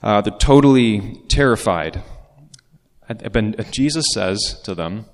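A man preaches a sermon in a calm, unhurried, conversational way, with a voice that sits a little low. His words ring out in a hall with a long reverb. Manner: conversational preaching with pop-culture asides. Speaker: pastor.

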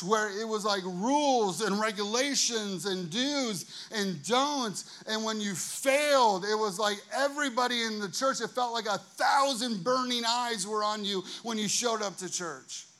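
A man in his thirties preaches a sermon as he tells a personal story, his voice bright and a little high. He swings between loud, excited bursts and hushed asides. He keeps checking in with the congregation as he goes. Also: unhurried. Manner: animated, acts out quotes, many "you know what I mean" asides. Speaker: pastor.

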